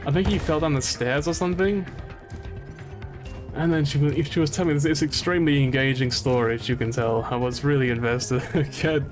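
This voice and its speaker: A man's voice: a little high, fairly quick, faint music behind. A man from England streaming a video game, rambling through stories and laughing often. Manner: rambling and animated, laughs often, many restarts. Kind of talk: casual gaming commentary.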